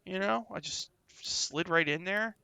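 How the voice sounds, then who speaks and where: A man's voice: sits high, measured pace, gravelly, bright, forceful tone, slight background noise, full character voice. A man voicing a twitchy, drug-addled male street dog who rambles in slang and gets defensive, in a tabletop game. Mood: rambling. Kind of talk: in-character role-play.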